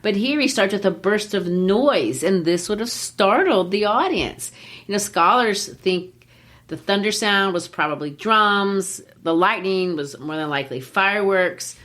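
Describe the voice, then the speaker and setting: A woman hosting a literature podcast and explaining in a lively, teacherly way, with frequent "you know.". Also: mid-range voice, unhurried.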